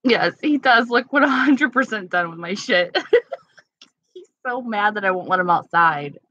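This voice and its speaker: Slow-talking chatty woman live-streaming. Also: mid-range voice, expressive, bright, forceful tone, no room sound. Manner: chatty, frequent laughter, candid. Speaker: livestream host. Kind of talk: casual live-stream chat, answering viewers. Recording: slightly dull lo-fi sound.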